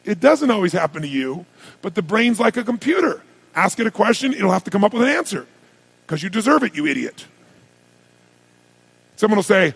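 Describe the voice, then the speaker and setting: A man with a high, gravelly, husky voice preaches self-improvement to a large live audience. He talks emphatically, firing questions at the crowd and pressing each point home. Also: sing-song, fast. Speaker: motivational speaker. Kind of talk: motivational seminar talk.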